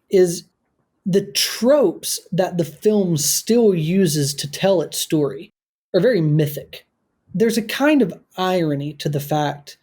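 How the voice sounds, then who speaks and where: A man with a mellow, somewhat husky voice speaks as a podcast guest, breaking down a film in a measured, analytical way. His phrasing is articulate and deliberate, building his argument point by point. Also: on the high side. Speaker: guest film critic and author.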